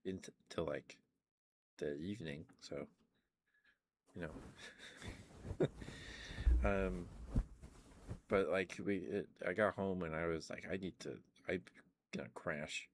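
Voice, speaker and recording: A man streaming low-energy ASMR chat from home into a close microphone, tired and losing his voice, talking softly in a relaxed, rambling way. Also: slow, pauses often, background noise. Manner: soft, relaxed, rambling talk. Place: at home, indoors. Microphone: ASMR microphone with cover.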